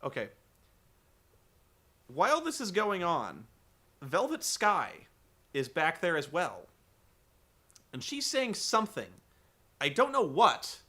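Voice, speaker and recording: Guy ranting thru a wrestling recap, high bright voice, bounces all over, cant believe any of it. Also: huge pitch swings, takes it slowly, pauses often, husky. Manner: incredulous, rambling, swearing; acts out quotes loudly.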